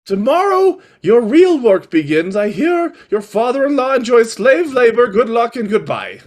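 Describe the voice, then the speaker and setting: Brief: man doing a haughty wizard, high and animated, fed up with everyone. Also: normal speed. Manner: pompous, exasperated.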